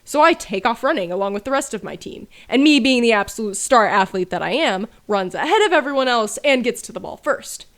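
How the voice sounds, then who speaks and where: A woman's voice: fairly high pitch, animated, fairly quick, few pauses. A woman telling a casual story about her childhood with dry, self-mocking humor. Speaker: storyteller over gameplay.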